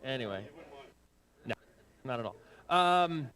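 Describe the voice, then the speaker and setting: A man's voice: mid-range voice, expressive, takes it slowly, a bit bright. A man hosting a convention, making announcements in a jokey, informal way. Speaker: show host. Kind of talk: event announcements. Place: convention hall.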